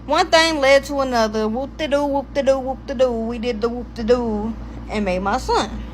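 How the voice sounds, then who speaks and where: A young woman with a high voice tells a personal story straight to her audience. Her delivery is loose and full of swearing, and she drifts off track and asks herself where she was. There is a faint hiss under her voice. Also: moderate pace, rough recording. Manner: profane, rambling, loses her place. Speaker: storytime vlogger. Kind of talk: casual storytime monologue.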